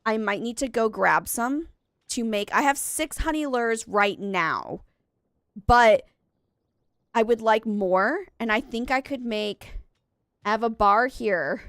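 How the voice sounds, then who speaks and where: A woman's voice: a little high, slow, a bit bright, smooth, no echo, clean studio sound. A young woman live-streaming a game, chatting with viewers in a rambling way and correcting herself often, with a stuffy nose. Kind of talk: casual live-stream chat.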